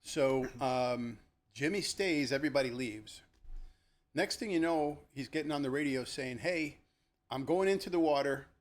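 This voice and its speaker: An older man, a retired police lieutenant, recounts his cases in a relaxed, conversational way, full of fillers and restarts. His voice sits at an ordinary, middle pitch, and he animatedly acts out the voices of the people in his stories. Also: moderate pace. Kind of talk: podcast storytelling.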